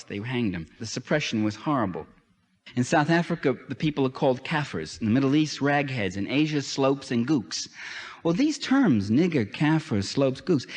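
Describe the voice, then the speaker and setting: A man delivers a political lecture in an emphatic style, his mid-range voice swinging between high, pressing peaks and low, quiet stretches. The sound carries a long reverb tail from a lecture hall. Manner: emphatic, with sweeping rises and drops in pitch.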